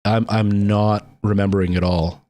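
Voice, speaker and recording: A Canadian man streams a game and chats loosely with his viewers. His voice sits a little low, and his talk meanders with many "like"s and "um"s. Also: flat delivery, normal speed, warm tone, no room sound, clean studio sound. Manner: rambling, with frequent "like" and "um". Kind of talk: casual chat with live-stream viewers.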